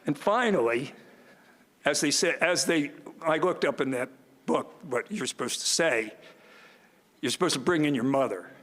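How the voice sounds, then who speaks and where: A man's voice: on the high side, lively intonation, moderate pace, fairly bright tone. An older man giving a commencement speech, telling folksy stories with self-deprecating humor from a podium. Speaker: student commencement speaker. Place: large ceremony hall. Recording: long reverb of a large hall.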